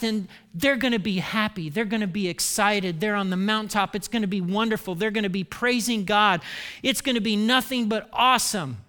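A man preaching a sermon, retelling scripture in an animated, self-deprecating storytelling way. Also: high-pitched, fairly quick, smooth. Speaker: pastor.

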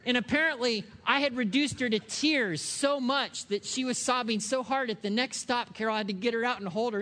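A man's voice: extremely high pitch, brisk, hardly any pauses, bright, forceful tone. A man in his forties preaching a conversational sermon as pastor, often stopping to check in with the congregation. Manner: conversational, with frequent rhetorical check-ins and asides. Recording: long hall reverb.

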